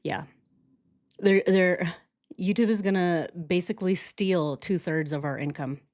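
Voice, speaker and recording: A woman hosting a casual true crime livestream, reacting with animated, sarcastic commentary and frequent laughter. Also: fairly low pitch, unhurried.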